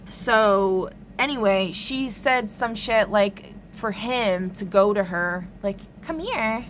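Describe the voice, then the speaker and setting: A woman rambles through a dream in a casual vlog, her voice sitting at a middle pitch. She fills her talk with "like" and swears freely. A faint hiss sits under the recording. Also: fairly bright tone. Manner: rambling, lots of "like", frequent swearing. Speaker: tarot reader recounting a dream.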